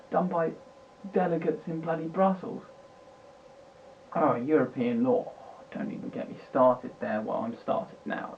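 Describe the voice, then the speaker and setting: A man's voice: fairly high pitch, vocal fry. A British man ranting and swearing in a rambling, agitated way, recorded at home at his computer. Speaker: vlogger. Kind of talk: unscripted political rant. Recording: tinny lo-fi mic with faint hiss.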